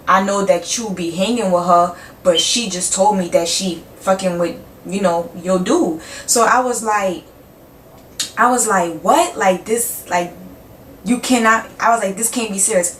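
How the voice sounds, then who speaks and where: A young woman in a casual storytime vlog, cursing freely and acting out both sides of each conversation. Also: mid-range voice. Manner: animated, acts out both sides of dialogue, frequent cursing. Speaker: vlogger. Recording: roomy sound from a distant mic with faint background hum.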